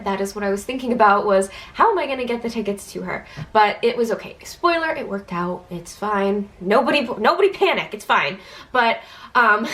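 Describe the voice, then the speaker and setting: Stuffy-nosed and chatty, a young woman vlogger anxiously relates a casual story, filling it with "like." Her voice is mid-range and a bit bright.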